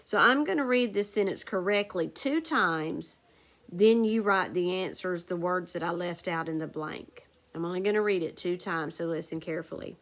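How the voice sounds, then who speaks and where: A woman teacher leading a recorded phonics lesson, dictating sentences slowly and spelling words out letter by letter. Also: fairly low pitch, a bit bright. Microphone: recorded for a video lesson.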